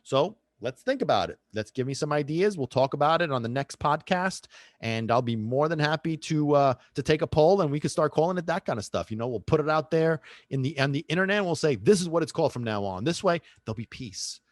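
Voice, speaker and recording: A man's voice: on the high side, animated, fairly quick, no echo, clean studio sound. A man hosting his own podcast, ranting casually and playfully, now and then dropping Italian phrases into his talk. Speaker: podcast host. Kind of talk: casual solo podcast rant.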